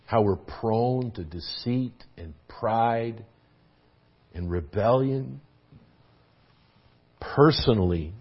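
A man's voice: lowish voice, expressive, drawn-out words, pauses often, breathy edge, highs cut off. A man preaching a sermon as pastor, earnest and emphatic, repeating key phrases for weight, in a church hall.

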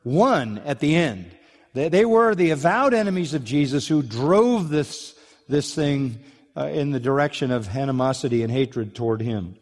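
A man's voice: mid-range voice, animated, normal speed, long reverb tail. A man preaching an expository sermon, emphatic, asking rhetorical questions and restarting phrases. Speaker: pastor.

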